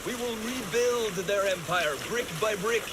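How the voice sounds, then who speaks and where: A hearty Viking warrior. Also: male voice, sits high, unhurried. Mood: eager. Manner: boisterous, eager. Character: hearty male Viking warrior, hungry for food and battle. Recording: game audio with noise.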